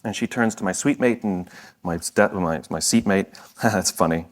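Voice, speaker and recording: A man giving a motivational talk on stage, telling a story with sweeping pitch swings and self-deprecating humor that he often laughs at. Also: normal speed. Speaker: speaker.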